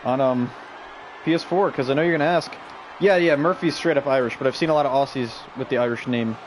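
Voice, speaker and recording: A man hosting a stream and calling video game wrestling play by play, excitable and shouting the big moves while chatting with viewers. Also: mid-range voice, fast talker, a little hiss or hum. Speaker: stream host and play-by-play commentator.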